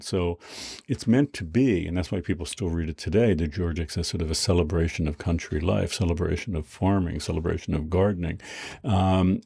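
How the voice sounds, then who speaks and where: A man's voice: low-pitched, gravelly, mellow, slightly rough, dry recording. A male lecturer giving a conversational university lecture, full of fillers and restarts.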